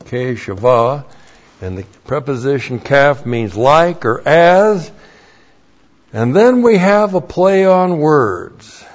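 A man's voice: a little high, animated, slow. A man teaching the Bible verse by verse, spelling out words letter by letter and repeating his points for emphasis. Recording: dull lo-fi recording.

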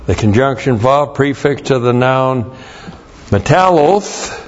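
A man's voice: medium pitch, animated, slow pace. A man teaching a Bible lesson, explaining Hebrew words and spelling them out letter by letter. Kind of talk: verse-by-verse Hebrew word study. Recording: dull lo-fi recording.

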